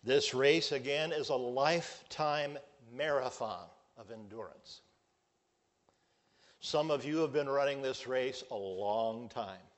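A man preaches from the pulpit in an unhurried, measured cadence. He stretches out his key words for emphasis, and his voice sits at an ordinary middle pitch. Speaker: pastor. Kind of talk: sermon.

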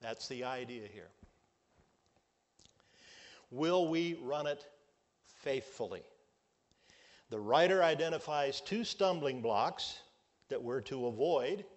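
Slow, deliberate male preacher. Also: medium pitch, lively intonation. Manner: measured, emphatic preaching with drawn-out stresses. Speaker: pastor. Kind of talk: sermon.

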